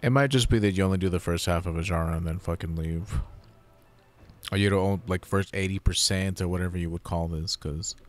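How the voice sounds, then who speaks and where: A man's voice: low voice, a little fast, soft background music. A man giving casual gameplay commentary, grumbling and swearing freely in frustration. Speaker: gaming streamer.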